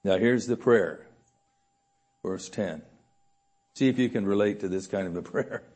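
A man preaching a sermon in a church room, animated, swinging between loud emphasis and soft asides with frequent chuckles. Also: fairly low pitch, measured pace, breathy edge.

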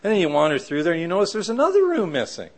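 A man's voice: wildly swooping pitch, racing. Middle-aged guy preaching, bouncy up and down voice, keeps saying right? and does little voices. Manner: conversational, asks the audience "right?" often; acts out quoted people with sudden high voices. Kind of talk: sermon. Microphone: live audio of a church talk.

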